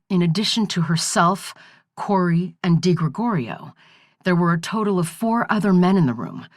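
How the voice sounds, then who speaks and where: A woman reading a thriller audiobook in a steady, measured narration. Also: lowish voice, no room sound, studio quality.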